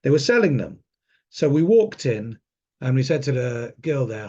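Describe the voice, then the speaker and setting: A man in his fifties recounts a recent trip in loose, conversational speech. He often trails off with fillers and restarts his sentences. His pitch sits in the middle range, and the recording is somewhat dull. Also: very animated, normal speed, darkish tone. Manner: rambling, frequent fillers and restarts. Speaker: association officer. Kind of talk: casual spoken trip account.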